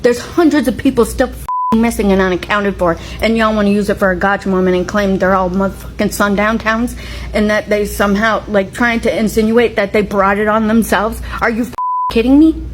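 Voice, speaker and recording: A woman's voice: mid-range voice, fairly even intonation, brisk. A woman furiously swearing and ranting in a reaction video. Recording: noisy background.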